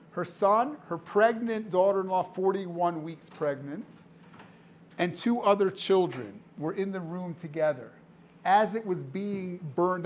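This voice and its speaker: A man's voice: high voice, a little hiss or hum. A man giving a storytelling speech to an audience as a charity director, emphatic and dramatic, repeating phrases for effect. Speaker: director of a charity, guest speaker. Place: indoor room before a live audience.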